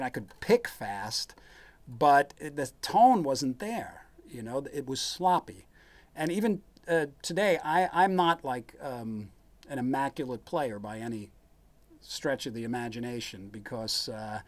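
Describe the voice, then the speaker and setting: A man's voice: medium pitch, dry recording. A man hosting his own live stream, casually explaining guitar technique in a rambling way full of fillers and restarts, demonstrating as he talks. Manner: rambling, relaxed, lots of fillers and restarts, chuckles. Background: guitar playing.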